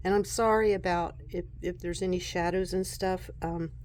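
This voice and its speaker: A woman vlogging casually at home about her tarot decks, soft-spoken and unhurried, often breaking into giggles. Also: on the low side, steady tone, a little hiss or hum. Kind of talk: casual show-and-tell vlog.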